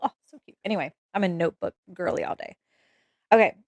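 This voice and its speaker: A woman's voice: on the low side, expressive, fast, darkish tone, no echo. A young woman giving a casual, emotional tarot reading to camera, swearing freely and checking in with "okay?" as she goes. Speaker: tarot reader.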